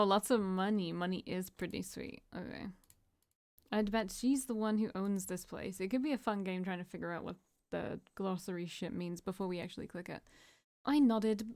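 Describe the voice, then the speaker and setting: Chatty swearing woman streamer. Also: lowish voice. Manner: chatty, swears freely, laughs at herself. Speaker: let's play streamer. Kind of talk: casual commentary over a visual novel.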